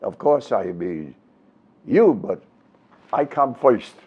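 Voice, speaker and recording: A man in his nineties impersonating a brash, self-centered male stand-up comedian with a quick wisecracking delivery. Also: fairly low pitch, lively intonation, breathy edge, voice pushed down, full character voice. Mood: cocky. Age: 90s. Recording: dull lo-fi recording.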